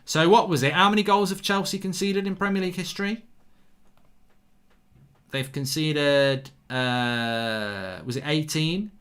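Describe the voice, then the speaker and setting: A man's voice: a little high, a little slow, fairly bright tone, smooth. A man hosting a live football watchalong, calling the action, cheering goals and reading viewer comments aloud in casual chat. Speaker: watchalong host.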